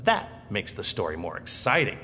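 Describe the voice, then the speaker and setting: A man teaching how to tell stories, demonstrating with his voice as he goes, from fast and excited to slow and hushed. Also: fairly low pitch. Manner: expressive, shifting between fast excited and slow hushed delivery. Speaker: storytelling teacher. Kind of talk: instructional talk with dramatic demonstrations. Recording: echoey hall with faint noise.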